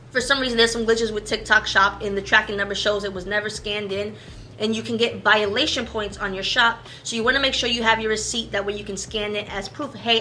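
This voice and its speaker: A woman who runs a made-to-order shop, chatting quickly and casually as she explains how selling online works. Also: medium pitch, sharp tone, a little hiss or hum. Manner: fast-talking, chatty, self-aware about speed.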